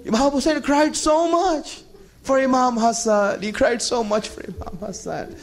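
High-voiced man preaching an impassioned sermon. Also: normal speed. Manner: impassioned, pleading, rises into chant-like cries; storytelling, addresses audience as friends. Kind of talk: emotional religious sermon.

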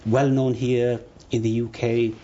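An interviewer asking measured questions, with many fillers and murmured agreement. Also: medium pitch, level tone, mellow. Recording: muffled, dull audio.

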